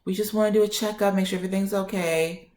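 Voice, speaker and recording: A woman voicing a calm, firm female doctor who speaks in a soothing, steady way. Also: mid-range voice, fast, lightly acted. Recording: roomy echo.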